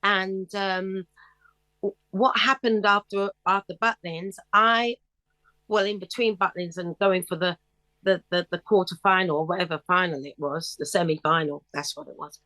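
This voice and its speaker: A woman's voice: lowish voice, moderate pace, dry recording. A woman in her fifties tells stories with animation. She slips into other people's voices and hums bits of songs. The recording is close and dry, with no room sound. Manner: animated storyteller who acts out voices and sings snatches of songs. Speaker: singer, interview guest. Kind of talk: casual storytelling interview.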